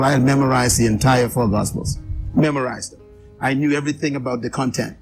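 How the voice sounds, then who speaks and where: A man's voice: mid-range voice, rough recording. Emphatic man telling his life story. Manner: emphatic storytelling with repeated phrases and dramatic pauses. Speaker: interview guest. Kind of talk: personal life story in an interview.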